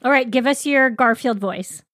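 A woman with a slightly higher voice co-hosts a relaxed family podcast. She is friendly and to the point, steering the conversation with questions. Her sound is close and dry. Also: no room sound. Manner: friendly, brisk, asks questions and adds parental caveats. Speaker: podcast co-host and parent. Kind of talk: casual family podcast chat.

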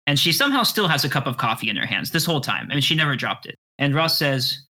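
A man's voice: mid-range voice, expressive, fairly quick, hardly any pauses, bright, forceful tone. A man narrating as game master of a tabletop role-playing game, descriptive and playful.

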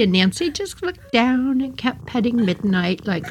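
Animated woman telling a childhood story. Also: a little high, a little slow, hardly any pauses, a little hiss or hum. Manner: animated, playful, many voices. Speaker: podcast storyteller.

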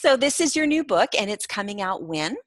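A middle-aged woman hosting a podcast in casual chat, talking warmly with frequent ums and laughs. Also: medium pitch, big pitch swings, a little fast, dry recording. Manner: warm, chatty, laughs often, many ums. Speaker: podcast host.

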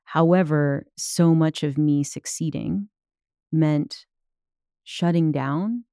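A woman's voice: low voice, steady tone, slow pace, mellow, clear, resonant tone, dry recording, studio quality. A woman in her thirties from the United States, telling a personal story in casual conversation with many fillers. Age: 30s. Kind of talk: casual chat.

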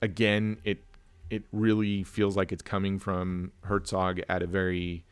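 A man's voice: deep voice, completely flat delivery, measured pace, smooth, no room sound. A man co-hosting a casual film review chat, telling stories and acting out family dialogue. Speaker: podcast co-host.

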